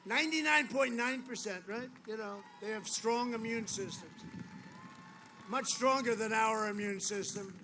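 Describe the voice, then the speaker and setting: A man giving a rambling, boastful campaign rally speech, repeating his lines often, on a podium microphone outdoors. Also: high-pitched. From United States. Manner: boastful, repetitive, rambling asides. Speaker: political candidate. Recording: noisy outdoor rally feed.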